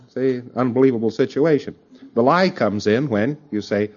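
A man giving a conversational recorded lecture, often turning to his listeners with quick asides. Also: mid-range voice, a little mellow, muffled recording. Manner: conversational, with frequent asides to the audience.

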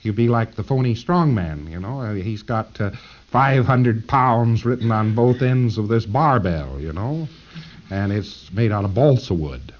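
A man's voice: on the low side, expressive, measured pace, highs cut off, a little hiss or hum. A man giving a conversational, jokey lecture to trainees, acting out little scenes as he explains.

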